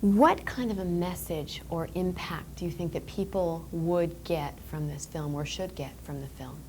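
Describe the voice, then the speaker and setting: A woman's voice: on the low side, measured pace, a little mellow. A woman interviewing an actor, asking friendly questions and backing him up with short affirmations. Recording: archival interview tape with faint hiss.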